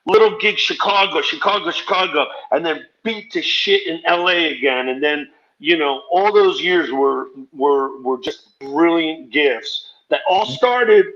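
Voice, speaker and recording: A man, a stand-up comedian, telling stories in a rapid, run-on way during a podcast interview. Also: a little high, pushed and bright, dull audio. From New Jersey, US. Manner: rapid, run-on storytelling with acted-out quotes. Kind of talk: animated storytelling in a podcast interview.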